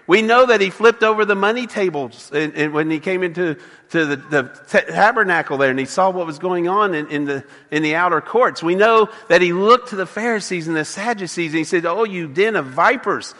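A man preaching in a church sanctuary with a high, bright, forceful voice. He pushes his points hard, stumbles and restarts, and voices the people in the story. The sound carries a long hall reverb. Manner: emphatic preaching with repeated restarts and acted quotes. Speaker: pastor. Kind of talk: sermon.

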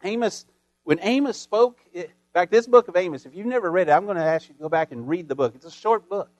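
A man preaching a sermon as pastor, folksy and full of homespun sayings, building emphatically to loud peaks. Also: high voice, quick pace, no echo.

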